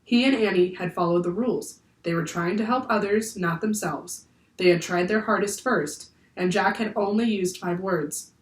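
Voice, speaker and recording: A woman teacher reading a children's book aloud in clear, steady storytelling. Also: medium pitch, moderate pace. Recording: echoey room, far from the mic.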